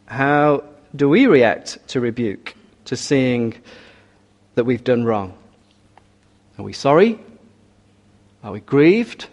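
A man preaching a sermon in an earnest, measured way, often asking his listeners rhetorical questions. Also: medium pitch, lively intonation, a little mellow.

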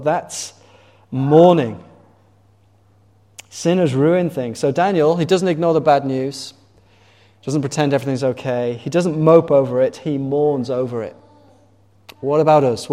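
A man's voice: a little high, warm tone. A man preaching a sermon in a conversational way, asking the congregation questions. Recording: long reverb of a large hall.

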